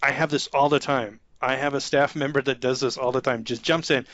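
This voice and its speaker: A man who manages an IT staff, talking informally about soft skills and acting out example conversations with a light chuckle. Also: mid-range voice, steady tone, brisk, highs cut off. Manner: conversational, acts out example dialogues, chuckles often. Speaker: IT manager giving career advice.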